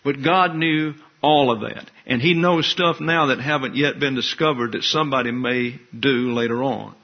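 An older man delivers a sermon in a husky, slightly breathy voice. He talks in a folksy way and teases people in the pews. The recording sounds a little dull and muffled. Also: medium pitch, normal speed. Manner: folksy, teasing asides to the congregation. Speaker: pastor.

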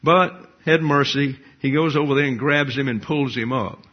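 A teaching sermon comes from an older pastor whose husky voice sits at an average pitch. He is measured and explanatory, leaning on frequent rhetorical questions, and the recording is dull and lo-fi.

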